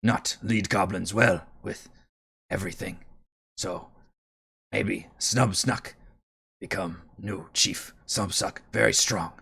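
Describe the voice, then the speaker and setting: A man voicing a proud male goblin who speaks in halting, broken grammar and boasts about his tribe. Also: sits low, gravelly, sharp tone, breathy edge, heavily acted.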